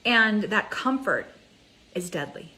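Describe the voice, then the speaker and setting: A woman life coach giving an energetic, conversational motivational talk, speaking straight to her viewers. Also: mid-range voice, slow pace, low-quality recording. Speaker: mind ascension coach.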